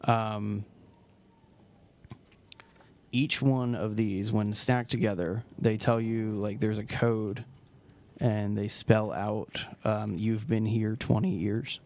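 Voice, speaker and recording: A man's voice: on the low side, slow, gravelly, long pauses. A man streaming a video game, talking casually and rambling as he plays. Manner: rambling, relaxed, trails off mid-sentence. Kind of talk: casual gameplay commentary.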